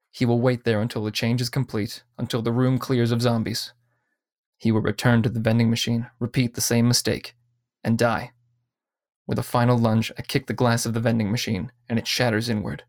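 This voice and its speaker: Guy reading short stories out loud, steady, dry close mic. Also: medium pitch, dry recording. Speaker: story reader. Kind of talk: scripted narration.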